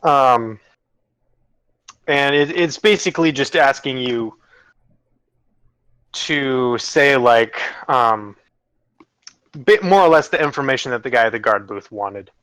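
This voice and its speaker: A man narrates a tabletop role-playing session as game master, his voice bright and forceful. He speaks casually, pausing often with fillers as he works out the scene. The recording is close and dry, with no room sound. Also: mid-range voice, lively intonation, clear, resonant tone, no echo, low-quality recording. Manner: casual, hesitant, many fillers.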